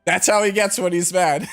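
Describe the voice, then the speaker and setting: A man's voice: a little high, bright, forceful tone. A man in his thirties, a streamer, telling a rambling story to his chat with lots of filler words and frequent laughter. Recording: faint music behind.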